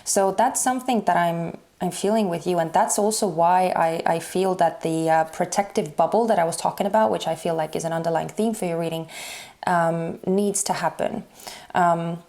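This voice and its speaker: Casting: woman tarot reader, lower-pitched mellow voice, hesitant and full of fillers. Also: creaky. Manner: halting, searching for words with many fillers. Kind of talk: casual tarot reading to viewers.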